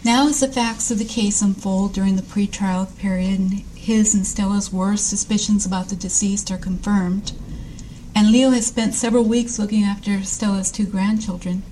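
Wry woman author with a mellow voice. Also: mid-range voice, steady tone, moderate pace, a little hiss or hum, low-quality recording. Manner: wry, self-deprecating. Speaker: author reading. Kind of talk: live story reading.

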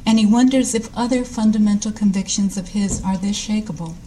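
Woman author at a live reading, mellow dark tone, wry and dry-humored. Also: medium pitch, a little fast, a little hiss or hum, poor audio. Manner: wry, self-deprecating.

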